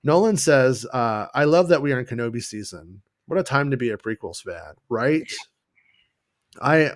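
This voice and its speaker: A man's voice: medium pitch, no room sound, studio quality. A man hosting a casual fan news show, chatting loosely with many restarts and joking asides. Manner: rambling, restarts, jokey put-on voices. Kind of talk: casual livestream chat.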